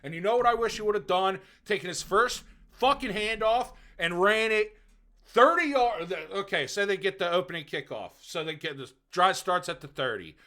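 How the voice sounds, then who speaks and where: Loud, ranting high-voiced man. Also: expressive, moderate pace. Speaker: podcast co-host. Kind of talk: casual sports chat.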